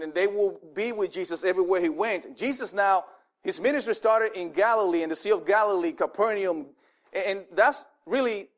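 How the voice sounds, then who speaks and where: A male pastor giving a sermon in an animated, conversational way, often restarting his words. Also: high-pitched.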